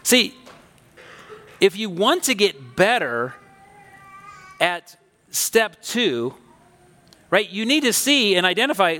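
A man preaching a sermon, telling a personal story in a conversational, animated, emphatic way. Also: sits high, takes it slowly, pauses often, in a large hall. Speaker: pastor.

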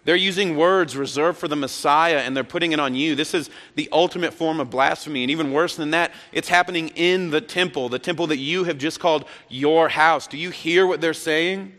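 A man's voice: a bit bright, lightly acted. A man voicing an indignant male temple priest who fires off pressing, outraged questions. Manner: shrill, pressing, rapid questioning. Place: church sanctuary. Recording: echoey church hall.

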